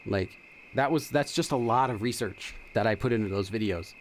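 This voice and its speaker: A middle-aged man with a lowish voice hosts a casual let's-play at normal speed, with slight background noise. He's chatty on his gaming channel, explaining the game as he plays.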